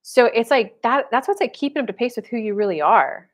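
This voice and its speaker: A woman's voice: fairly high pitch, lively intonation, a little fast. A woman in her thirties, a spiritual dating coach, chatting casually on a live stream and answering viewers, full of "like" fillers and blunt casual swearing.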